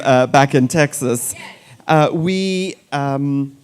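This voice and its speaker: A man's voice: medium pitch, moderate pace, darkish tone, slight background noise. A middle-aged man from Sri Lanka, a surgeon speaking to an audience in a light-hearted, conversational way with self-deprecating jokes.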